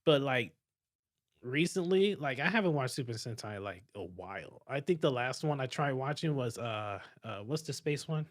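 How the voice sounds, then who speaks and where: A young man hosting a casual podcast chat, animated and swearing freely, often stumbling and restarting his words. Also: mid-range voice, normal speed. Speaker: podcast host.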